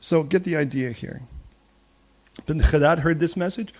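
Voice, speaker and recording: A male preacher delivers a sermon in a church, animated and full of jokes. His voice sits fairly high for a man. He slips readily into acted voices for the figures he describes. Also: brisk. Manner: lively and humorous, acts out quoted voices. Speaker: pastor.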